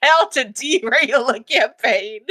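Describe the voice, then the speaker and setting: A woman playing a tabletop game on a livestream, chatting excitedly, chanting and laughing often. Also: sits high, slow. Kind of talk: excited casual chat on a livestream.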